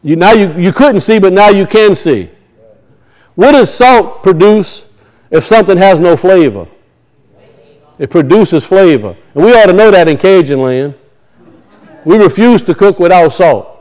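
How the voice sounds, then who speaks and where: A man's voice: high voice, animated, a little slow, darkish tone, low-quality recording. A middle-aged man preaching a sermon, firing rhetorical questions at his congregation. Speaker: pastor.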